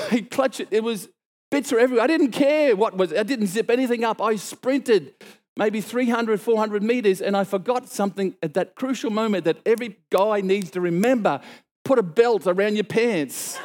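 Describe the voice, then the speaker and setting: A middle-aged man preaching, telling a story and acting out the dialogue with sudden exclaimed lines. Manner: animated, acts out dialogue with sudden high exclamations. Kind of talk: storytelling sermon.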